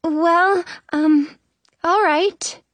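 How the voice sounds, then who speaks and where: A woman's voice: extremely high pitch, animated, slow, no echo, voice pushed up, full character voice. A woman voicing a meek, literal-minded young princess who speaks in a shaky voice. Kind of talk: audiobook character reading.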